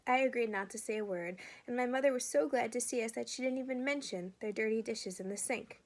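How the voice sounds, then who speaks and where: A woman, a teacher, reading a children's chapter book aloud in a steady, clear storytelling voice. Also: a little high, a little fast.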